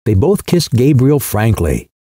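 A man reads a classic short story aloud in a mellow, slightly husky voice. His intonation moves with lively rises and falls, and the sound is close and dry. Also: a little slow, no room sound. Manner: voices characters with pitch shifts. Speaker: audiobook narrator. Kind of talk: literary audiobook narration.

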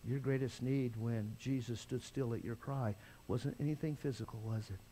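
An older man preaching a sermon as pastor, impassioned, swinging from loud cries to quiet intensity. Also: medium pitch, fairly even intonation, normal speed, slight background noise.

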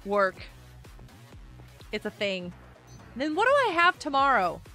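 A woman live-streaming a game in a high, bright, clear voice that jumps all over the place. She chats casually and reads messages from the chat aloud, breaking into excitable outbursts. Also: slow, soft background music.

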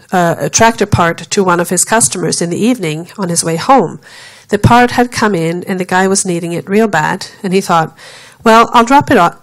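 A woman preacher unfolds a story from the pulpit, narrating at a steady, even pace. She slips into the voices of the people in her tale whenever she quotes them, then returns to plain telling. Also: medium pitch, poor audio. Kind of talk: sermon storytelling.

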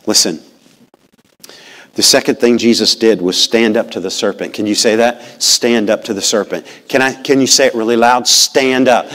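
Folksy preacher with animated delivery. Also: male voice, on the low side, normal speed. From rural upbringing. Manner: animated, folksy, asks the congregation questions. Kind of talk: sermon. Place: church sanctuary.

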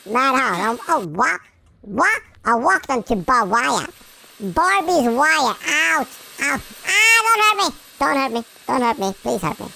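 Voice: measured pace, vocal fry, slight background noise. Goofy chipmunk-voiced gamer. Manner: goofy and excitable, silly sound effects and nonsense chatter. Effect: chipmunk pitch-shift. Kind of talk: let's play commentary.

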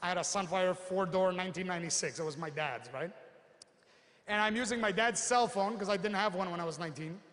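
A man giving an animated motivational seminar talk, telling stories and acting out the people in them. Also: high voice, a little fast, big-room sound. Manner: animated storyteller, acts out quotes, punchy asides. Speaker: motivational speaker.

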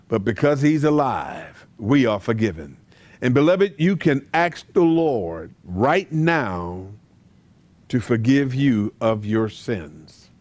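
Fervent male evangelist, dry close sound. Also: dry recording. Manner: fervent, emphatic, repeats "beloved", rising to high urgent pleas; slows and softens into a quiet prayer. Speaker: evangelist preacher. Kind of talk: evangelistic sermon.

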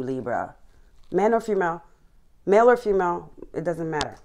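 A tarot reader with a fairly low voice and normal speed reads cards to camera in a casual way. She's gushing and excited, often repeating words and letting out sighs and laughs.

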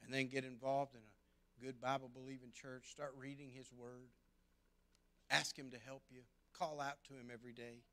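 A man preaching a sermon as pastor, earnest, swinging between loud emphasis and hushed tones. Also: mid-range voice, level tone, normal speed.

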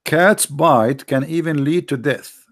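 A man's voice: fairly high pitch, takes it slowly, fairly bright tone. A man giving sarcastic, argumentative commentary in broken English grammar. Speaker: religious debater. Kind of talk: mocking commentary.

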